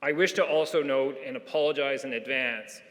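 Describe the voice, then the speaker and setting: A man's voice: medium pitch, a little fast, fairly bright tone. A man, a historian, giving a formal, earnest conference presentation with occasional restarts. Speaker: departmental historian. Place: large conference hall. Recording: long hall reverb.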